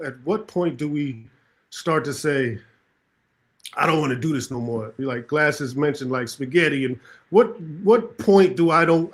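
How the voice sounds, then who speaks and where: Higher-voiced man firing rhetorical questions. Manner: emphatic, fires rhetorical questions. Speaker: podcast panelist. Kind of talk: casual panel debate.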